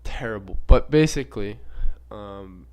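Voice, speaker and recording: A young man hosting a podcast delivers an unscripted, casual monologue full of rambling, profanity, and filler words. His voice is lowish, clear, and resonant with a darkish tone, lively intonation, and a measured pace.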